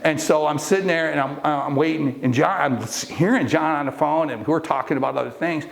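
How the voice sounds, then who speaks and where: Gravelly storytelling coach, mid-pitched man. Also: fairly quick. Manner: storytelling, acts out quoted people; restarts and fillers, earnest. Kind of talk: motivational talk to a live group.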